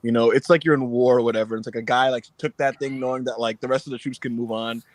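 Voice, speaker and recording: A man's voice: medium pitch, fairly even intonation, fast talker, dry recording. A man co-hosting a podcast, chatting animatedly, laughing and mimicking people in silly voices. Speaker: podcast co-host. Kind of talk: casual chat.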